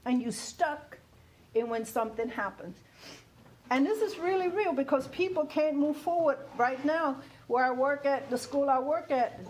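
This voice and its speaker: Woman in her 50s, english not her first language, chatty and animated, laughs a lot, keeps asking "you hear me?", pitch a bit high. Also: a little hiss or hum. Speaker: guest speaker on grief. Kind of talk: conversational teaching talk.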